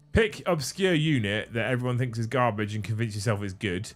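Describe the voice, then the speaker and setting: A man's voice: medium pitch, fairly quick, hardly any pauses, soft background music. A man hosting a casual livestream, bantering and thanking viewers, with a bit of swearing. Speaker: livestream host.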